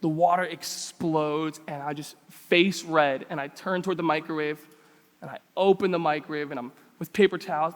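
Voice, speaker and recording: A man's voice: a little high, normal speed. A man preaching a sermon as pastor, telling funny stories and asking the congregation pointed questions. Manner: animated, humorous storytelling with many rhetorical questions. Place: church sanctuary. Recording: long church hall reverb.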